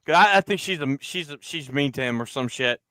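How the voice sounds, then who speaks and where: Loud, crude storyteller man, bright voice. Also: fairly high pitch, expressive, fairly quick, smooth, dry recording. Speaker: podcast host. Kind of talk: casual storytelling chat.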